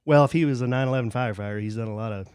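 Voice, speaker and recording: A man's voice: medium pitch, very fast, clean tone, dry recording. Storytelling man on a dry studio mic. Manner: storytelling, animated when recounting. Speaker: podcast co-host. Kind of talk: casual chat.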